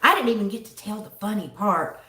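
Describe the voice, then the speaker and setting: A woman's voice: mid-range voice, expressive, a little fast, sharp tone. A woman hosting a livestream from home, chatting casually and rambling as she answers viewers by name. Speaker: livestream host reading chat. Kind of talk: casual chat. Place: home in a city. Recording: roomy echo, distant from the mic.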